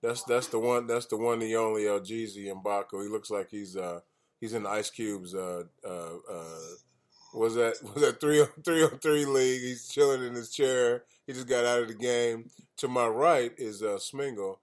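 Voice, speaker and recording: Hosting his independent radio show through a video call, this man speaks at medium pitch and a moderate pace with fairly even intonation. He rambles and jokes around, often restarting and leaning on fillers.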